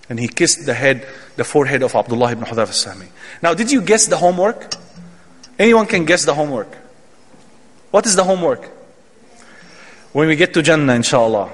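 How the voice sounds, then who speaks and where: A man's voice: high voice, very animated, brisk. A man giving an Islamic lecture, telling a story dramatically with emphatic quoted dialogue. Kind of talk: sermon storytelling. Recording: long hall reverb.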